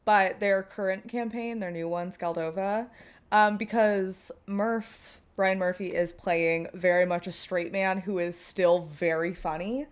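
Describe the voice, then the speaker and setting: A woman's voice: mid-range voice, steady tone, a little slow, smooth. Woman podcast host chatting about her d&d character, lots of likes and ums, laughs a bunch. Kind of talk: casual chat.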